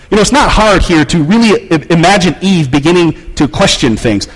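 Animated preacher in an echoing hall. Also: male voice, sits high, a little fast, few pauses, breathy edge. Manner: conversational, emphatic, wry humor. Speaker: pastor. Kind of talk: sermon. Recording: long reverb of a large hall.

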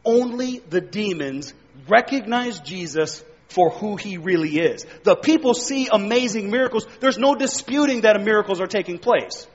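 A man delivers an expository sermon in a high, husky voice, reading scripture and driving his points home with emphatic rises. His voice rings with long reverb through a large hall. The recording itself sounds dull and muffled. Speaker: preacher.

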